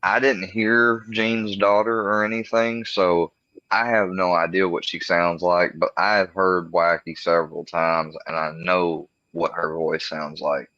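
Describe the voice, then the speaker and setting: A man on a casual livestream panel, telling a long story in a halting, rambling way with many restarts. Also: low-pitched, flat delivery, pushed and bright, dry recording. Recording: dull lo-fi recording.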